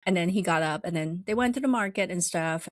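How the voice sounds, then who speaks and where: A woman's voice: brisk, no echo. A woman podcast host retelling a story in a rambling, casual way with plenty of fillers. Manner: rambling, many fillers, acts out quoted voices higher.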